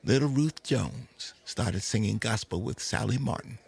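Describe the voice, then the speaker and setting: A man voicing a proud, sharp-tongued woman jazz singer, sassy and commanding. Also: medium pitch, a little slow, vocal fry, breathy edge, heavily acted.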